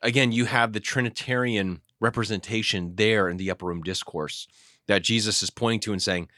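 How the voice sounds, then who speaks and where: A man with a fairly low voice teaches scripture as a pastor, talking through passages in an animated way and often restarting mid-sentence. The sound is dry and close, with no room echo. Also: fairly quick. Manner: explanatory, animated, with frequent restarts. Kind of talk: teaching discussion.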